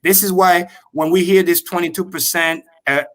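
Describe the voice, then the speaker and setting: A man on a video call explaining crypto with excitable, profane energy and repeating key points slowly for emphasis. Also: high voice. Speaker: crypto show guest. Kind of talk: animated livestream explanation.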